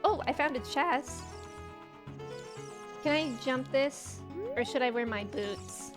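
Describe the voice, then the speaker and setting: Casual gameplay livestream chat comes from a young Midwestern American woman who giggles and rambles while talking with her viewers. Her voice is high and she speaks slowly, with game music in the background.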